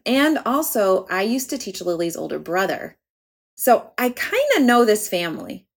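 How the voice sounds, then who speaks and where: A woman hosting a podcast, reading a passage aloud in a measured, earnest way and then telling a family story with lively energy. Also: mid-range voice. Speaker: podcast host.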